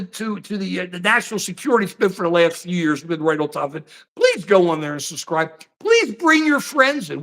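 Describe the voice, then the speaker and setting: A man's voice: high voice, a bit bright. A man hosting a political commentary livestream, ranting and rambling, repeating phrases as he reads out chat comments. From United States.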